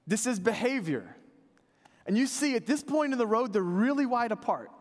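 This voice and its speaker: A man in his thirties preaching a sermon, conversational and animated, dropping to quiet earnest asides. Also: extremely high pitch, moderate pace, long reverb tail. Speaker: pastor.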